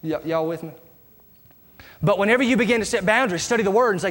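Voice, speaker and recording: A middle-aged man preaching a sermon as pastor, asking his congregation rhetorical questions in an animated way. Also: high-pitched, very fast. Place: church sanctuary. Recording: live church recording with reverb and music.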